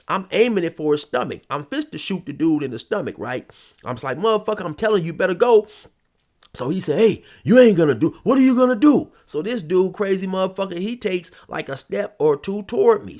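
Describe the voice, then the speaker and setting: A man's voice: a little high, darkish tone. A man telling a story in a casual, rambling, profane way, full of "you know" and "or whatever".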